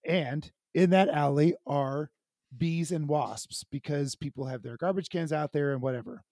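A man co-hosting a podcast, telling a comic story in an animated way and laughing as he goes. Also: fairly high pitch, moderate pace, no echo, clean studio sound. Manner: animated, laughing as he tells stories. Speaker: podcast co-host. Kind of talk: casual chat, comic storytelling.

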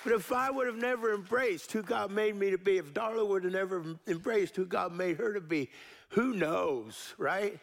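Gravelly high-voiced preaching pastor. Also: male voice, normal speed, some chatter behind. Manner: call-and-response preaching, varying pace and emphasis. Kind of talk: sermon.

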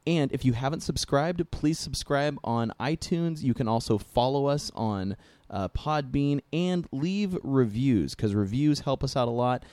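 A man's voice: medium pitch, expressive, unhurried, a little mellow, no echo. A middle-aged man hosting a casual podcast chat, talking in a chatty, joking way with lots of fillers. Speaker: podcast host.

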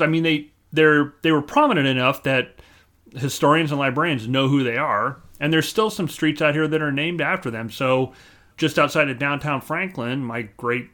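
A man's voice: fairly high pitch, moderate pace, bright, forceful tone. Dry-humored man explaining history. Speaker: co-host. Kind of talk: casual chat.

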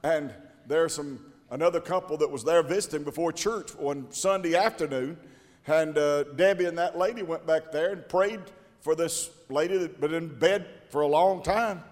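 A man preaching a storytelling sermon, animated and repeating his words, often rising into loud shouted quotes. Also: fairly high pitch, normal speed. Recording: long hall reverb.

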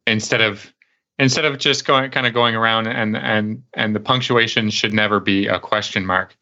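A man co-hosting a radio show, talking haltingly and repeating words as he thinks. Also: fairly low pitch, steady tone, pushed and bright, muffled recording. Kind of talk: casual radio show chat.

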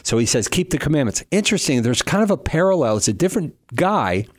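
Animated middle-aged man talking scripture. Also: a little high, fast, no echo, clean studio sound. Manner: animated, acts out quoted speakers. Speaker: guest. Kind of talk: casual talk on Bible teaching.

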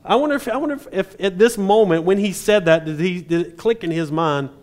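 A man preaching a sermon, retelling a scripture story in a conversational way with dry humor and quick asides. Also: high-pitched, a little mellow.

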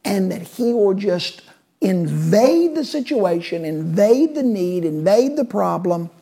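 Warm, husky-voiced woman preaching. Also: medium pitch, very animated, slow. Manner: emphatic, building repetitive lists. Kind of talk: sermon.

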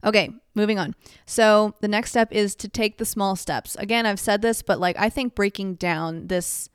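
A woman talks through advice in a casual, rambling way, dropping fillers and poking fun at herself. Her voice is smooth and clear, recorded close and dry with no room sound. Her pitch sits in a middle range for a woman. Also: moderate pace, dry recording. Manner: chatty, filler-heavy, self-mocking. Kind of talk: casual advice chat to camera.

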